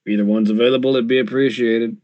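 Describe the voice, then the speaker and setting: A man playing a tabletop role-playing game, measured and polite as he asks for help. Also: medium pitch, steady tone, no echo, muffled recording. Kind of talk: casual game table chat.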